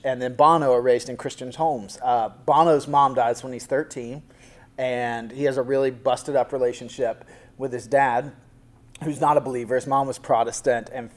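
A man's voice: fairly high pitch, mellow. A man preaching a sermon in a conversational, storytelling way, acting out quotes from the stories he tells. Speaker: pastor.

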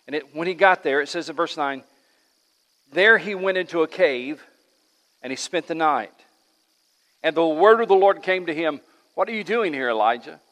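A man preaching a sermon as pastor in a church, swinging between loud emphatic lines and hushed ones. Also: on the high side, normal speed, long pauses. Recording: long reverb of a large hall.

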